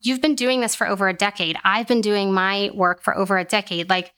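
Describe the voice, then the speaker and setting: A woman speaks as a podcast guest in a conversational, reassuring way. She leans into her points with emphasis and often says "like", and her voice stays at a middle pitch. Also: fairly even intonation, brisk, bright, forceful tone, clear, resonant tone. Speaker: guest, occupational therapist. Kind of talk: casual interview conversation.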